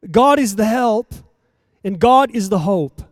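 A man delivering a sermon in a high voice for a man, close and dry with no room echo. His delivery is dramatic, sinking to near-hushed phrases and then lifting into loud, ringing declarations. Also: animated, a little slow. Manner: dramatic, swinging between soft and loud emphasis. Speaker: preacher.

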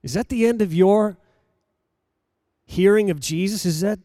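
A man preaching a sermon to a congregation, dropping to a hush and then rising loud, repeating rhetorical questions. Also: sits high, measured pace, no echo, studio quality. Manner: dramatic preaching, swings between hushed and loud.

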